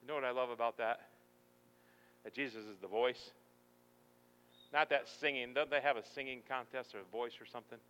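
A man preaching a sermon, swinging dramatically between loud shouting and near-whispers. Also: mid-range voice, fairly even intonation, a little fast, long pauses, smooth.

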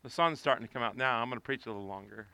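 A man preaching a sermon outdoors, impassioned and rising to pleading shouts. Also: mid-range voice, rapid-fire, slight background noise.

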